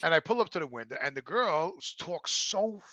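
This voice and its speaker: Male podcast host, bright animated storyteller, dry close-miked sound, high voice that leaps around. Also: fairly quick, dry recording. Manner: animated storyteller, repeats words when excited. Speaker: show host. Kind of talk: casual podcast chat.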